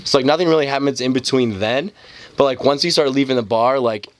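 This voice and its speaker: A man's voice: mid-range voice, brisk, no echo. Laid-back young man recounting a night. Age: young adult. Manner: laid-back, swears often, restarts. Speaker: podcast co-host. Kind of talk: casual storytelling chat.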